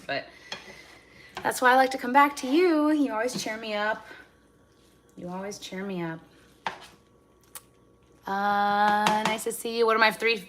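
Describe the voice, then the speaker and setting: A woman's voice: medium pitch, bright, forceful tone. A woman hosting a casual livestream as she cooks fried rice at home, chatting with viewers and reading out their comments, moving between cheerful and indignant. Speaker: livestream host. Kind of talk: casual livestream chat while cooking. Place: home kitchen. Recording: faint background noise from frying food. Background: food sizzling in a pan.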